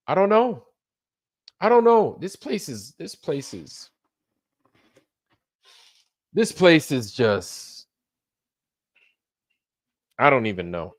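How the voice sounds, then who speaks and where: A man in the middle of a casual livestream, talking to his viewers in a loose, meandering way. He takes his time with every phrase, curses without holding back, and often circles back to repeat himself before drifting off. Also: mid-range voice. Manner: slow, loose, swears freely, trails off and repeats himself. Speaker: livestream host. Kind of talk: rambling late-night livestream chat.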